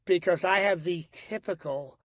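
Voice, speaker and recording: Heard in clean studio sound without echo, a high-voiced middle-aged man from Philadelphia speaks with a nasal Northeast accent. Appearing as a voice impressionist in a casual interview, he's animated, restarts frequently, and slips into quick voices and quotes.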